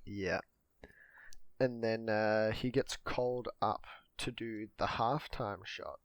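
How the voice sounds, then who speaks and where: A man's voice: fairly low pitch, steady tone, takes it slowly, no room sound. Laid-back swearing guy. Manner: laid-back, swears often, acts out quotes. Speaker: podcast co-host. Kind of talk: casual movie recap chat.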